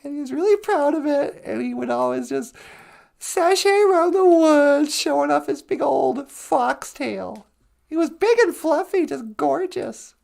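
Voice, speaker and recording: A woman's voice: high voice, animated, normal speed, creaky, a little mellow. A woman telling a traditional animal tale in a chatty, humorous, conversational way. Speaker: storyteller. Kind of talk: casual storytelling.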